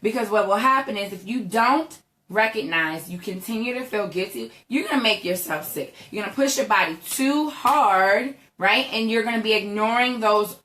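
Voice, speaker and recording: Young woman vlogging, talks fast n emphatic, keeps saying right?, bright voice in an echoey room. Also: mid-range voice. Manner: chatty, emphatic, says "right?" often. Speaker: entrepreneur vlogger. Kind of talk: motivational talk to viewers.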